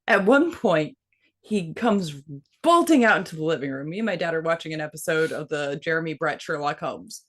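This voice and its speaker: A woman in her thirties casually telling a story, swearing freely and putting on a high voice when she quotes someone. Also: normal speed. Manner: profane, animated, quotes her son in a high voice.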